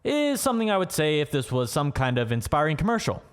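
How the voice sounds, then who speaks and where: A man mimicking a slow, earnest narrator from an inspiring commercial. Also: fairly high pitch, big pitch swings, clear, resonant tone, faint music behind, pitched above the performer's own voice. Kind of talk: mock commercial voice-over.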